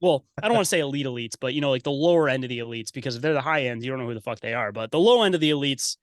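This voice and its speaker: A man's voice: medium pitch, lively intonation, very fast, dry recording, clean studio sound. A man who is a podcast guest, ranting in casual chat in a blunt, profane, conspiratorial way.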